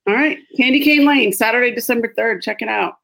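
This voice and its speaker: A woman's voice: fairly high pitch, quick pace, vocal fry, a bit bright. Upbeat woman co-host. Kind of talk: casual interview chat.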